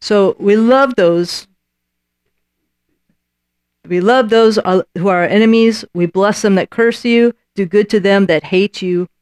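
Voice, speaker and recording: A woman's voice: medium pitch, unhurried, long pauses, darkish tone, clean tone, dry recording. A woman preaching a sermon in a conversational way, often acting out little voices and dialogues and checking in with her listeners by asking "Right?".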